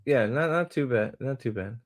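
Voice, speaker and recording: A man's voice: mid-range voice, moderate pace. A man hosting a casual livestream, rambling, swearing and mocking as he reads comments and talks to chat. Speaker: host.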